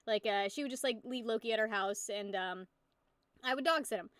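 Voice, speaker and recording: A woman's voice: fairly high pitch, a little fast, a bit bright, clear, resonant tone, dry recording, studio quality. A young woman in her twenties streaming, chatting casually with viewers in a rambling, giggly way and swearing freely. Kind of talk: casual live-stream chat.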